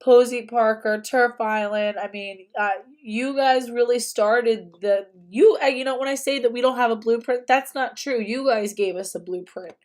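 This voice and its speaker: Chatty young woman livestreamer, bit high. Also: moderate pace, hardly any pauses, a little mellow. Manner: chatty, emphatic, repeats herself. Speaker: livestream host. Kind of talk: casual livestream commentary.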